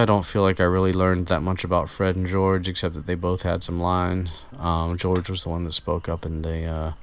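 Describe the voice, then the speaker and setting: A man's voice: deep voice, little pitch movement, moderate pace, hardly any pauses, clean tone. A man recapping a book chapter in a rambling, casual chat full of fillers and restarts. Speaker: podcast host recapping a book.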